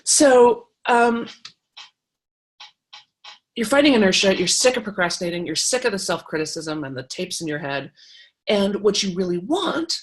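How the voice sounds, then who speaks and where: A woman's voice: mid-range voice, lively intonation, normal speed, long pauses. A middle-aged woman teaching a creativity workshop, talking in an encouraging, chatty way with fillers and restarts. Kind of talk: live online workshop talk.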